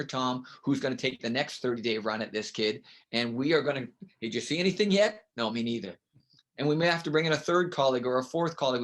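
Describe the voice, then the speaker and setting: A man speaking as an interview guest, explaining with emphatic, coaching rhetorical questions. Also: mid-range voice. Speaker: guest educator. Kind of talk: conversational interview.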